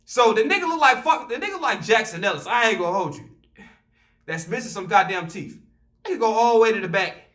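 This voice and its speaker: A young man telling a casual, animated, profane storytime story at home, with loose slang. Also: sits high, brisk.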